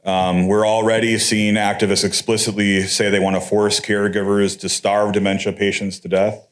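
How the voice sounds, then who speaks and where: A man's voice: fairly low pitch, flat delivery, normal speed. A man giving a conference lecture in a conversational way, with wry, sarcastic asides. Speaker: conference speaker. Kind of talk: academic lecture.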